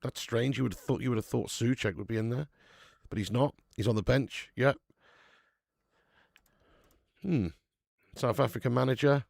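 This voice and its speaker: A man's voice: mid-range voice, moderate pace, gravelly, long pauses, a little mellow, no echo, clean studio sound. A man with a chatty, sweary manner hosting a live football watch-along, greeting viewers in the chat as he commentates.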